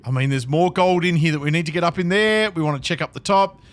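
A man's voice: fairly high pitch, fast talker. A man giving casual gameplay commentary, talking to himself as he plays and repeating phrases with nervous chuckles. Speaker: gaming video creator.

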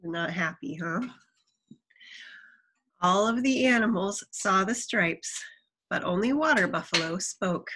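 A woman's voice: mid-range voice, unhurried, noisy background. A woman reading a children's folk tale aloud, adding chatty asides to the listener. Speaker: storyteller.

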